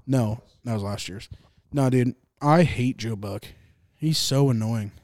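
A man's voice: mid-range voice, unhurried, darkish tone, no room sound, studio quality. A young man hosting a laid-back sports podcast, rambling, joking and swearing as he reacts to games. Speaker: podcast host. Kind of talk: casual sports chat.

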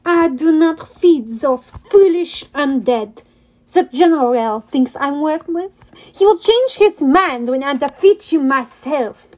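A woman voicing a gloating male manticore villain with a put-on French accent, sneering and slow. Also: high voice, lively intonation.

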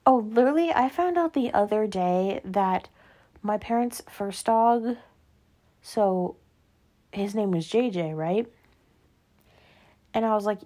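A young woman talks on her own in a loose, unscripted way. She drifts between tangents and fills her sentences with "like", sounding relaxed and conversational. Her voice sits at an ordinary pitch for a woman. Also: slow pace, long pauses. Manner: rambling, lots of filler "like", tangents. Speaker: podcast host. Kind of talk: casual solo chat.

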